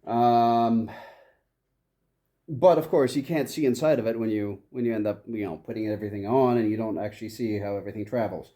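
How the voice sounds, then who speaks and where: A man's voice: fairly low pitch, brisk, mellow, dry recording. A man vlogging outdoors on his homestead, chatting casually and coaxing and scolding his goats. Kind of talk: casual vlog narration. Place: outdoors on a farm.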